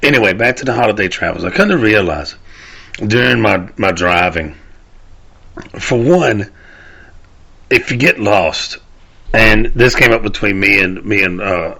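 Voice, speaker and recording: A man's voice: on the low side, expressive, a little slow, long pauses, sharp tone. A man, hosting a casual rant show, rambling and cursing as he laughs at his own stories. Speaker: podcast host. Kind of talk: casual ranting monologue.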